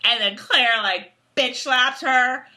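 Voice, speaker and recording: Giggly rambling woman with a bright voice. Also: high voice, slow. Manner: giggly, rambling with many fillers. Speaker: co-host. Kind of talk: casual chat.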